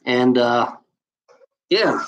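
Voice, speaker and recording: A man's voice: medium pitch, lively intonation, extremely slow, a bit bright, rough recording. Blunt, rambling man ranting casually. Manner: blunt, profane, repeats himself with many fillers. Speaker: video maker. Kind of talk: casual unscripted rant.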